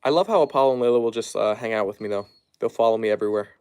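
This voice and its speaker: A man casually chatting on a live stream at home, reading viewer comments aloud and softly hushing his dogs. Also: lowish voice, racing, smooth. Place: at home, down in the basement.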